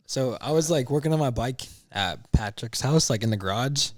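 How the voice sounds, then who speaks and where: A man's voice: medium pitch, expressive, normal speed, no room sound. A young man, a podcast guest, telling a story in a laid-back, slangy way. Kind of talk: casual chat.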